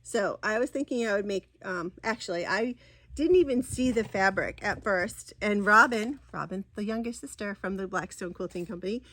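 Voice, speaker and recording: A middle-aged woman with a mid-range, slightly bright voice chats at normal speed through a cross-stitch vlog. It's a casual show-and-tell where she rambles and gushes over her crafts, with many ums and restarts.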